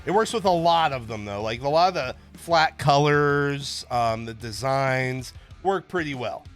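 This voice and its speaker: A man's voice: medium pitch, animated, unhurried, fairly bright tone, soft background music. A man hosting a livestream, chatting casually and joking with viewers in a rambling way. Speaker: stream host.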